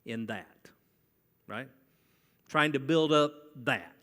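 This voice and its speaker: A man takes his time preaching in a church sanctuary, speaking conversationally and often questioning the congregation. His voice is mid-range with a fairly bright tone, and the recording has a long church hall reverb.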